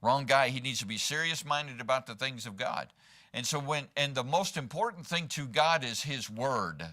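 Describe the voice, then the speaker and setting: A male pastor preaches in a church sanctuary with a sharp tone, mid-range pitch, and moderate pace. His delivery is chatty, and he keeps tossing rhetorical "right?" questions at the congregation.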